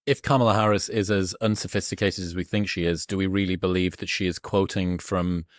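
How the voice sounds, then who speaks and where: A man's voice: low voice, fairly even intonation, a little fast, dry recording, clean studio sound. A man hosting a podcast, thinking aloud and searching for his words. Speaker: podcast host. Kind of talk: conversational podcast interview.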